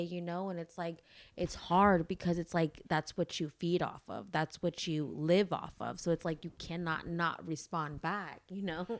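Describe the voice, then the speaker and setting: A young woman co-hosting a casual podcast, chatty and laughing often. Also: lowish voice. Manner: chatty, laughs often, echoes her partner. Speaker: podcast co-host. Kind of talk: casual chat.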